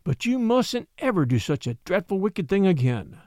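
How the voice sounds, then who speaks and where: A man voicing a kindly old grandmother who scolds gently but firmly. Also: high-pitched, big pitch swings, moderate pace, no echo, clean studio sound.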